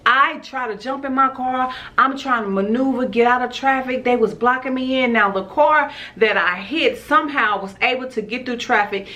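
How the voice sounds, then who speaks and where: A woman's voice: high-pitched, moderate pace, few pauses, bright, forceful tone. A woman vlogger telling a storytime to camera in a casual, chatty way, often calling out to her viewers and laughing. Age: adult with a school-age son.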